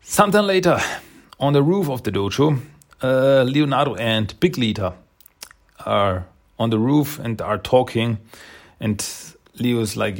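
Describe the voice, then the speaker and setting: A man talks through a comic with plenty of enthusiasm, stopping often on fillers. His voice sits at an ordinary pitch, with a gravelly, creaky edge and a husky, breathy grain. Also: expressive, unhurried. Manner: enthusiastic, hesitant with many fillers. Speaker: comic reviewer. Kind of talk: casual comic read-through.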